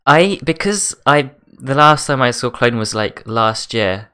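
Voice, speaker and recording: Smooth-voiced young English podcast host. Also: male voice, medium pitch, expressive, measured pace, pushed and bright. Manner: stammering, laughs easily. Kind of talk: casual chat.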